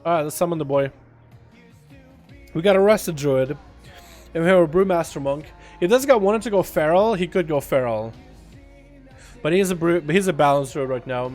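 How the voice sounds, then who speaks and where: A young man livestreaming a video game in a casual chat, reading and answering his chat, with sudden loud excited outbursts. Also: on the high side, normal speed, long pauses, soft background music. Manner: chatty, reads and answers chat, bursts into loud excited outcries.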